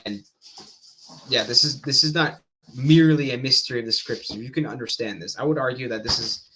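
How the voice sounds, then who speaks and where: A man hosting a stream, giving fast, animated reaction commentary and often breaking off mid-sentence. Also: mid-range voice, background noise. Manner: fast-talking, animated, self-interrupting. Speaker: stream host.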